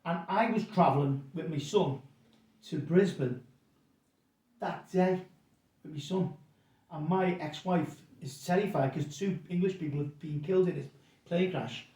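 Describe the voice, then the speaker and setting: A middle-aged man rambles through stories and stumbles over repeated words. His voice sits a little high. He sounds set back from the mic in a roomy, echoing space. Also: a little slow, pauses often, a little mellow, far from the mic. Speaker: pub landlord guest. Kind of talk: casual storytelling interview.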